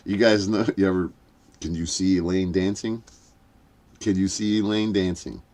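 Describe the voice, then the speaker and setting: A man's voice: low-pitched, fairly even intonation, unhurried, a little mellow. An older man hosting a late-night livestream, rambling, swearing and cackling at his own jokes, punch-drunk from lack of sleep. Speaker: livestream host.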